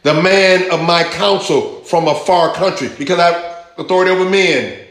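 In a very echoey church hall, a pastor delivers a passionate sermon, repeating phrases for emphasis and drawing answers from his congregation. His voice is high, fairly bright, and moderately paced.

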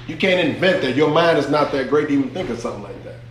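A man's voice: mid-range voice, expressive, fast talker, background noise. A man preaching a teaching sermon, repeating key phrases emphatically and drawing answers from the congregation. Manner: repetitive, emphatic teaching with call-and-response. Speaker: pastor. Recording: very echoey hall.

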